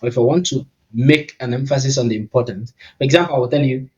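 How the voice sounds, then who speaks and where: A chatty, upbeat man with a Nigerian accent walks viewers through a screen-recorded tech demo and thinks aloud as he goes. His voice sits at an ordinary middle pitch. The recording is dull and a little lo-fi. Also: quick pace. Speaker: tech YouTuber. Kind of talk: casual screen-recording tutorial.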